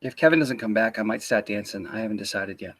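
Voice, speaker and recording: A man's voice: fairly low pitch, fast talker, a bit bright, slightly rough. A man hosting a casual livestream interview, teasing and swearing loosely as he chats into a computer mic. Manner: teasing, profane, loose banter.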